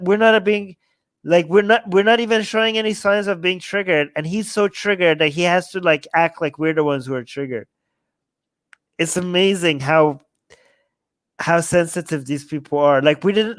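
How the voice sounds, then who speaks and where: Sarcastic high-voiced male streamer. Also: no room sound. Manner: sarcastic, mocking. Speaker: livestream host. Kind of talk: live commentary on chat.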